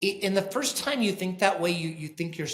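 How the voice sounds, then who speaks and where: Male founder and guest, animated storyteller, slightly high voice, echoey room sound. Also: fairly quick. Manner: animated storyteller, acts out quoted dialogue. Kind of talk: conversational podcast interview. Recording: roomy echo.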